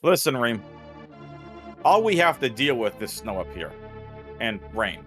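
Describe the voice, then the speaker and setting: A man's voice: mid-range voice, sing-song, measured pace, a bit bright, soft background music. A man from New England doing casual live commentary on a speedrun race, chatty and joking, laughing often. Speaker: game commentator.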